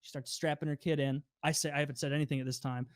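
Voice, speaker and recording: A young man telling a casual podcast story, animated and swearing freely, acting out the people he quotes. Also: fairly high pitch, very fast, no echo, studio quality. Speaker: podcast co-host.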